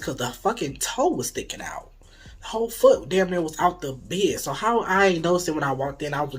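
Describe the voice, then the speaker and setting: Husky young storyteller, animated and profane. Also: medium pitch. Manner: animated, profane, dramatic asides and whispers. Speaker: storytime vlogger. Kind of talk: casual storytelling to viewers.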